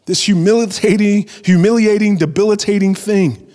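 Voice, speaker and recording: A pastor delivers a sermon, shifting between loud emphasis and hushed whispers and acting out everyday prayers in a conversational voice. His voice is high-pitched with fairly even intonation at a moderate pace. A long hall reverb surrounds the recording.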